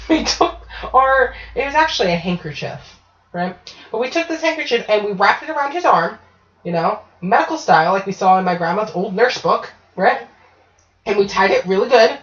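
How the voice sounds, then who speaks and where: Casting: woman host, chatty swearing storyteller, average pitch, muffled call-quality audio. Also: lively intonation, a little fast. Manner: swearing, chatty, often asking 'right?'. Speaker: podcast host. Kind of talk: casual storytelling. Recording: dull lo-fi online call audio.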